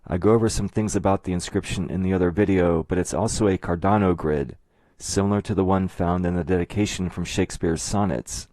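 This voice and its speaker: A man narrating a scripted explanatory video in a measured, methodical way. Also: low-pitched, fairly even intonation, dark tone, no room sound. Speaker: video essayist.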